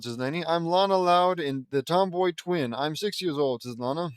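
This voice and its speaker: A man reads his own fan fiction aloud in a loose, casual audiobook style, stopping to crack sarcastic jokes between lines. His voice sits a little high for a man. The recording is dry and close, made on a home microphone. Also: moderate pace, clear, resonant tone, no room sound. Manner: joking, sarcastic asides between read lines. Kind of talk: casual audiobook reading with asides. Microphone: close home mic.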